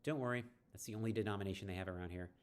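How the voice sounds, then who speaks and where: A man's voice: fairly low pitch, racing, lightly acted. A man voicing a worldly, mysterious woman in a text game who speaks teasingly.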